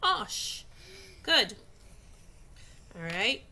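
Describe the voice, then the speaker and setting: A woman with a very bright, tense, high-leaning voice leads a phonics lesson for little kids. She talks slowly and patiently, drawing out each sound and praising often. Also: very animated, a little hiss or hum. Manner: slow, patient and encouraging, stretching out sounds. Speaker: teacher. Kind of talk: phonics lesson for young children.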